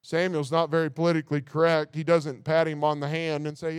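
High, smooth-voiced preacher. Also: male voice, level tone, a little fast, few pauses, no room sound, studio quality. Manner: reads scripture aloud, breaks off with rhetorical asides. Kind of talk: sermon.

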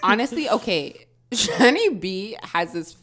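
Young female co-host, giggly storyteller, very lively intonation. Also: mid-range voice, a little slow. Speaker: podcast co-host. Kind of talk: casual chat.

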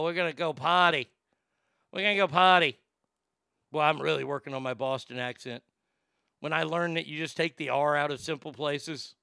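A man's voice: on the high side, pushed and bright, smooth, no room sound. A man hosting a comedic talk show, ranting in a profane, sarcastic way into a close studio mic. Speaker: host.

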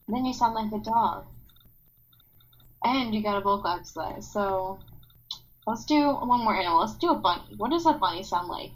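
A woman's voice: mid-range voice, expressive, moderate pace, pauses often, poor audio. A woman co-hosting a podcast over a call, playfully making animal noises and silly rhymes in casual chat. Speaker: podcast co-host. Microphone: call recording.

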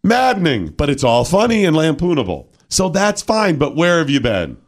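A man hosting a political talk radio show, chatting in an animated, sarcastic, rambling way. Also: on the high side, moderate pace.

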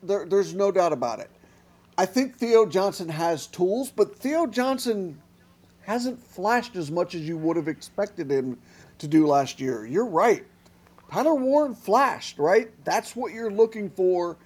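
A man's voice: high-pitched, darkish tone. A man talking as a sports analyst in casual talk, emphatic and tagging points with "right?". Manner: emphatic, talks with filler tags like "right?".

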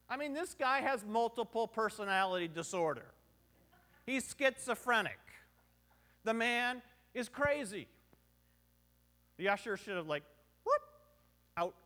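A man's voice: high-pitched, lively intonation, a little slow, pauses often, pushed and bright. A middle-aged man preaching a sermon in a conversational, joking way, full of rhetorical questions and short on sleep. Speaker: pastor.

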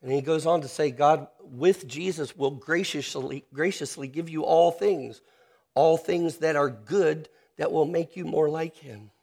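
A man preaching a sermon, earnest and personal, slowing down to stress key phrases. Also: a little high, gravelly, darkish tone. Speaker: pastor.

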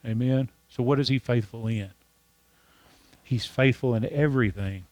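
A man preaches in an earnest, repetitive style. He slows down to lean on key lines, with his voice at an ordinary middle pitch. The sound is dry and close, with little room around it. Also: a little mellow, no echo. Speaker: pastor. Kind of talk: sermon.

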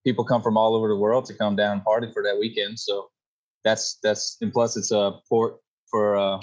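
A man's voice: fairly low pitch, little pitch movement, normal speed, poor audio. A man from Louisiana with a Cajun accent, a guest on a casual podcast, talking in a laid-back, matter-of-fact way. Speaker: podcast guest, company co-founder.

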